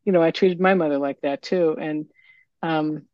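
A woman giving a candid, emotional share at a recovery meeting, halting with fillers, over a video call. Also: deep voice, fairly even intonation, no room sound. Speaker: meeting member sharing. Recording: dull lo-fi video call audio.

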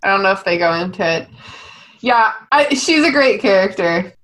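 A woman co-hosting a podcast, animated, laughing often and swearing casually. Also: medium pitch, normal speed, poor audio. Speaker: podcast co-host. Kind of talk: casual book-club chat.

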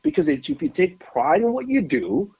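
A man co-hosting a podcast, telling a lively story with emphatic repetition into a studio mic. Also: high voice, normal speed, breathy edge, poor audio. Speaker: podcast co-host. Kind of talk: animated storytelling chat.

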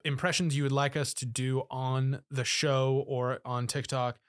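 A man's voice: mid-range voice, flat delivery, measured pace, no echo, studio quality. A man hosting a casual podcast, rambling through plugs with many fillers. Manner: rambling, lots of fillers and laughs. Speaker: podcast host.

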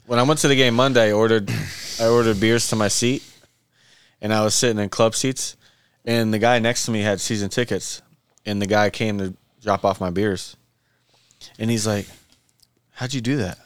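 A man co-hosting a casual sports talk show, relaxed and slangy, often giving short agreeing replies. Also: on the low side, moderate pace, pauses often, clear, resonant tone. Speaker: podcast co-host. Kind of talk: casual chat.

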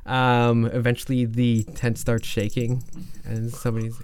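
A man's voice: mid-range voice, completely flat delivery, a little slow, darkish tone, smooth. A man telling a story in a casual, rambling way, full of fillers and restarts, and swearing freely.

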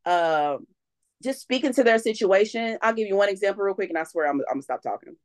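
A young adult woman, a podcast guest telling lively faith stories in casual conversation and acting out what people said. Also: mid-range voice, fast talker. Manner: animated storyteller, acts out quotes.

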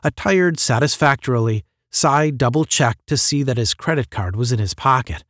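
A man reading a science fiction short story aloud in a measured, steady narrating voice. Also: medium pitch, dry recording, clean studio sound. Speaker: audiobook narrator.

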